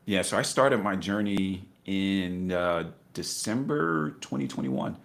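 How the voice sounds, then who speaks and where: A man's voice: low voice, expressive, takes it slowly. A middle-aged man telling his investing story in a casual interview, acting out voices with laughter. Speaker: guest investor.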